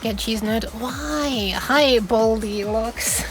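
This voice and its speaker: Chatting casually on a live stream as she plays a game, a young woman rambles, giggles, and interrupts herself with plenty of restarts. She has a medium-pitched voice with lively intonation at a moderate pace, and faint music plays behind her.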